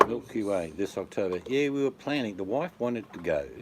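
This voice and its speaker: Very low-voiced man, joking casually. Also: expressive, brisk, a little hiss or hum. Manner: rambling, joking storyteller. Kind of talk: casual chat.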